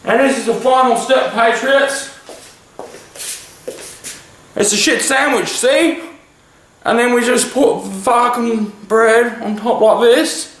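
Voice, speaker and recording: A high, sing-song voice of a childish man-child cook, as a man puts him on, explaining each step slowly and earnestly. It is recorded far from the mic in a very echoey room. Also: fairly even intonation, a bit bright, a little hiss or hum, exaggerated voice. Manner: slow, earnest, demonstrative kitchen-show explaining. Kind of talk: parody cooking segment.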